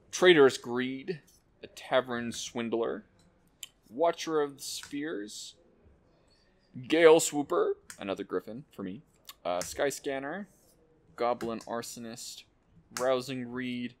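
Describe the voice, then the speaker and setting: A man hosting an unboxing, excitedly calling out card names and cracking quick jokes as he goes. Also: medium pitch. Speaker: host opening card packs. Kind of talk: casual unboxing commentary.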